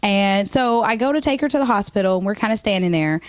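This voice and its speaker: A woman's voice: medium pitch, fast talker, no room sound. Chatty woman doing stand-up to camera. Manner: chatty, animated, many fillers. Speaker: comedian. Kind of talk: stand-up comedy monologue to camera.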